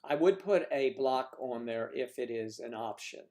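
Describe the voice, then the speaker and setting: A man's voice: mid-range voice, expressive, moderate pace, mellow. A man hosting a casual livestream, chatting and joking while answering viewer comments. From northern United States. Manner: chatty, jokey, reads viewer comments aloud. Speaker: livestream host.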